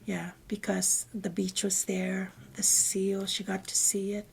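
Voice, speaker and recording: A woman guest telling a personal story in conversation, rambling and often dropping into breathy half-whispered asides. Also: medium pitch, little pitch movement, a little slow, a little hiss or hum. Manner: meandering, with many fillers and restarts. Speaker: interview guest.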